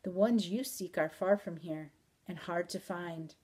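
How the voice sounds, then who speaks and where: A woman reading aloud in the voice of a mysterious, teasing wandering man with calm, old-country phrasing. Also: lowish voice, unhurried, breathy edge. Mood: wry. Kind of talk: audiobook reading.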